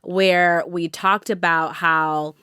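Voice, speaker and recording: A woman co-hosting a podcast, a mother sharing a family story in a candid, animated, casual way with frequent laughter. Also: lowish voice, takes it slowly, clean tone, no room sound, clean studio sound. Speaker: podcast co-host; mother of several children.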